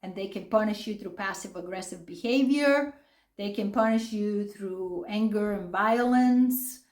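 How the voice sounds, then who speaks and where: A middle-aged woman hosts a psychology video, explaining the subject casually and animatedly while acting out quoted lines and laughing often. Her voice is medium-pitched, unhurried, and darkish, with a roomy sound.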